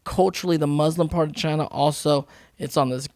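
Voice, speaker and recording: A man chatting as a podcast guest, telling stories lively and acting out the people he quotes. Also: fairly high pitch, a little fast, no room sound, clean studio sound. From United States. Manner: lively storyteller who acts out quoted people. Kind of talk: casual interview chat.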